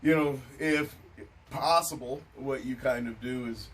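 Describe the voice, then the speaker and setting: A man's voice: mid-range voice, a little slow, a bit bright. Laid-back musing man, heard from afar. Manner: laid-back and musing, with many filler phrases. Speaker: podcast host. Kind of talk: casual stoner chat. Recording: distant mic with faint noise.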